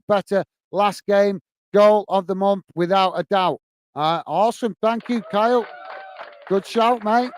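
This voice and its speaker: With a high voice, a British man hosts a live football fan stream in a casual style. He reads viewer messages aloud, thanks everyone by name as mate, and now and then gets flustered when his computer lags.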